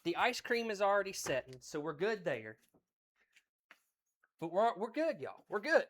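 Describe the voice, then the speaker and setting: An excited man from West Virginia with an Appalachian accent, chatting folksily on a cooking livestream. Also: high-pitched, unhurried. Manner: folksy and exuberant, repeats phrases.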